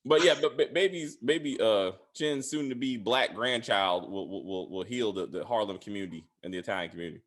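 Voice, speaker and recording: A man's voice: fairly quick, few pauses. A man casually chatting as a podcast host, rambling with many fillers and restarts. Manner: laughs loudly and high. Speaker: podcast host reviewing a TV series. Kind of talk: casual chat.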